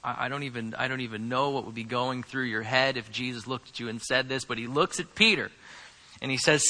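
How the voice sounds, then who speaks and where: A male pastor delivering a sermon earnestly, moving between hushed asides and emphatic stresses. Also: mid-range voice, a little fast, big-room sound.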